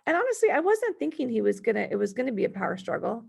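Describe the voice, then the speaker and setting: Woman in her 30s, parenting workshop host, slightly high, husky voice, chatty storyteller. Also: big pitch swings, racing. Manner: chatty, storytelling, gives worded examples. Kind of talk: conversational workshop presentation.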